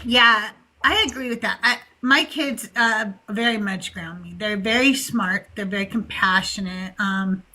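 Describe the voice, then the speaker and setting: A woman's voice: medium pitch, unhurried, few pauses. A middle-aged woman hosting a casual podcast, asking questions and telling stories animatedly with acted-out quotes. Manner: animated, acts out quoted voices. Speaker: podcast host. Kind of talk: casual conversation.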